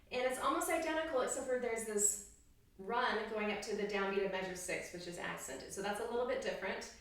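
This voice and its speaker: A woman's voice: medium pitch, a bit bright. Upbeat woman teaching in an echoey room. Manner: upbeat, encouraging, sings rhythms aloud. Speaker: oboe professor. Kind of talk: instructional music lesson. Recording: very echoey room, distant mic.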